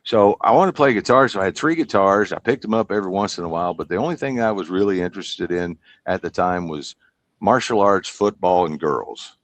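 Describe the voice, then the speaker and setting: A Kentucky man in his fifties, a comedian and hypnotist, chats and rambles as a podcast guest in a casual storytelling interview. His voice sits low and moves a little fast, with no echo.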